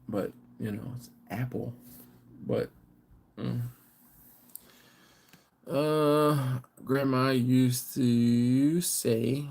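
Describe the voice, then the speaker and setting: Man, middle-aged, tired, laid-back, slangy, chuckling, live-stream host reading chat, unhurried. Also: mid-range voice, steady tone, vocal fry. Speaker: barbecue channel host.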